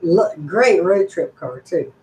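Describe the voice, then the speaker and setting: A woman's voice: on the low side, animated, slow, a little mellow, a little hiss or hum. Chatty older woman in an echoey room. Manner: rambling, folksy, chatty. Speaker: channel host. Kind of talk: casual live-stream chat.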